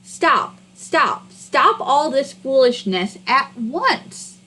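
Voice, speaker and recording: A woman voicing an angry, booming God who scolds a silly donkey, in a read-aloud storybook. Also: big pitch swings, extremely slow, sharp tone, exaggerated voice, poor audio. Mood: commanding.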